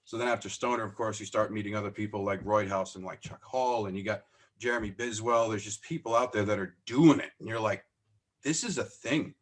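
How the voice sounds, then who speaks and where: Animated man telling stories on a podcast. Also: on the low side, brisk. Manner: animated, acts out quoted dialogue; self-deprecating, laughs as he talks. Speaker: podcast guest, business owner. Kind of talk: casual storytelling interview.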